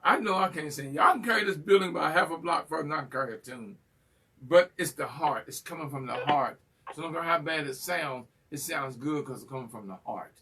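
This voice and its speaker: Folksy male show host, husky and bright-toned, teasing, recorded on a distant mic. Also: a little high, fairly quick. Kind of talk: live call-in class, casual chat.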